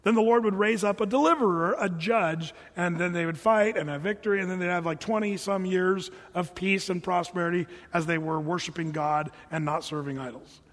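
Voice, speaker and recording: A man preaching a sermon as a pastor, conversational and lively, slipping into the voices of people he quotes. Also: high voice, fairly quick, hardly any pauses, big-room sound.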